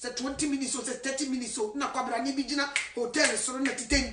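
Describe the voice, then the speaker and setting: A woman evangelist from Ghana, preaching fervently and swinging between shouting and a hush. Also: high voice, fairly even intonation, fast talker, few pauses, distant mic. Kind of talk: impassioned sermon. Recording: echoey room, voice from afar.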